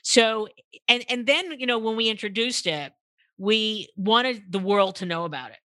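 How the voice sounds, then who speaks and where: Older woman guest, animated storyteller, bright voice, dry close mic. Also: a little slow, no echo. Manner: acts out quotes with big pitch jumps, many restarts. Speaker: guest, purpose marketing consultant. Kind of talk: animated storytelling in a podcast interview.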